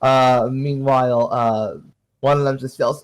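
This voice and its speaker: This man runs a tabletop game from behind the screen, narrating in a loose, rambling way. He swears freely and his voice sits in an ordinary middle pitch. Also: steady tone, measured pace, poor audio. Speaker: game master.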